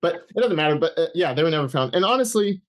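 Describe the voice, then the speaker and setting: A man's voice: fairly high pitch, expressive. A man as an interview guest, telling a personal story in conversation with many fillers and restarts. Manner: halting, many fillers and restarts, laughs while talking.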